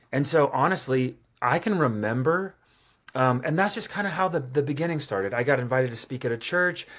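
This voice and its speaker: Animated man telling stories in an interview. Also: medium pitch. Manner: animated, self-deprecating, many fillers. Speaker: podcast guest. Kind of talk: casual storytelling interview.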